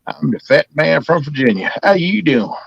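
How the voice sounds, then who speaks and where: A man's voice: on the high side, very animated, normal speed, gravelly, husky, no echo, highs cut off. A man chatting casually as co-host, joking, laughing and slipping into silly voices. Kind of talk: casual live chat.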